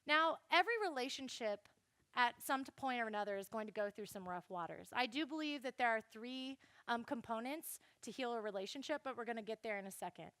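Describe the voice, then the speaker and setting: A young woman giving a chatty, animated Bible lesson to a youth group and speaking straight to the listeners. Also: a little high, brisk, no echo. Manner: chatty, animated, addresses the audience directly.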